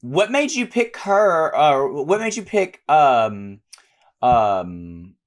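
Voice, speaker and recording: A man talks casually as a podcast co-host, his pitch moving a lot as he talks. He reacts quickly and agreeably to what he hears. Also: very animated. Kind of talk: casual chat.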